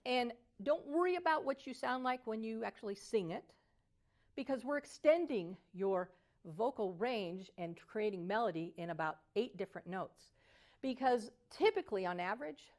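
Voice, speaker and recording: At a moderate pace and with a fairly high pitch, an older female voice coach delivers an animated, motivational teaching talk. Now and then she sings phrases aloud to show the melody.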